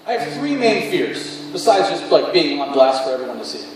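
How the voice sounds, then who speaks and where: A man's voice: fairly high pitch, big pitch swings, brisk, slight background noise. A man preaching a sermon as a pastor, telling a personal story in an earnest, confessional way. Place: large church hall with music. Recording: echoey hall, mic far off.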